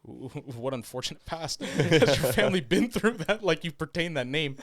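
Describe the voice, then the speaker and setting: Animated man telling a story. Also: fairly high pitch, normal speed, dry recording, studio quality. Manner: animated, laughing, swears freely. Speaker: podcast co-host. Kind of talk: casual storytelling chat.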